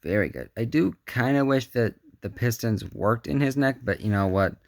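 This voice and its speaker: A man's voice: medium pitch, normal speed, a little mellow, dry recording. A man giving a casual hands-on action figure review, chatty and muttering asides to himself as he handles the figure.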